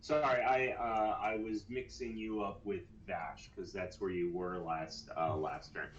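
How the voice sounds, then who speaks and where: Male game master, calm and slow-paced, muffled stream audio. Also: deep voice, slight background noise. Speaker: dungeon master. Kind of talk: running a tabletop game.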